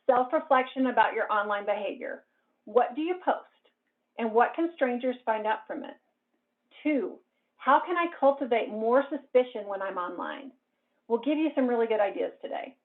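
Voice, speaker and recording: A woman presenting a cybersecurity talk in a clear, explanatory way. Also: a little high. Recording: narrow phone-like band.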